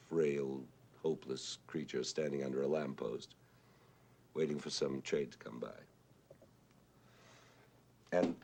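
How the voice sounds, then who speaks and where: An older man with a husky, whiskey-worn voice, reminiscing about his mentor in a thoughtful, unhurried way with hesitant fillers. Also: rumbling low, a little mellow. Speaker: composer and conductor recalling a mentor. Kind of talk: reflective spoken reminiscence. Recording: 1970s television broadcast archive.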